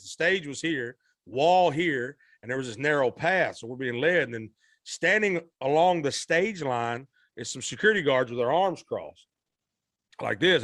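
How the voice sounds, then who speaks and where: A man appears as a singer guest on a podcast, animatedly telling a story and acting out the voices of the people in it. His pitch is medium, and the recording is studio quality with no echo.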